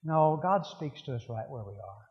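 A man's voice: mid-range voice, lively intonation, moderate pace, long reverb tail, highs cut off. A man preaching a sermon in a conversational, emphatic, repetitive style.

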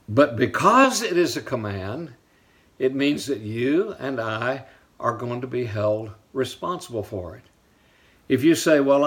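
A pastor preaching a sermon, telling stories and slowing down to stress key lines. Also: male voice, medium pitch. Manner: storytelling preacher, shifts pace for emphasis, drops to soft asides.

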